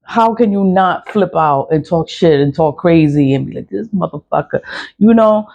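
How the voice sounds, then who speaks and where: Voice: mid-range voice, lively intonation, normal speed, a little mellow, muffled recording. Blunt, cursing spiritual vlogger. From the Bronx, New York. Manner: blunt, profane, repetitive venting. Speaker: spiritual practitioner and seller. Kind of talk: casual vlog monologue while doing a candle ritual.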